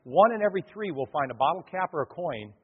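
A male pastor delivering an animated sermon, acting out the voices of the people in his stories. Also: fairly high pitch, quick pace, husky. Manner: animated preaching, acts out quoted voices. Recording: dull sound, long hall reverb.

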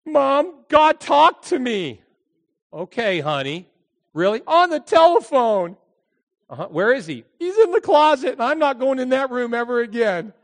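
A man voicing a frightened young woman who pleads tearfully with her mother, in a high shouting voice. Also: very animated, measured pace, full character voice.

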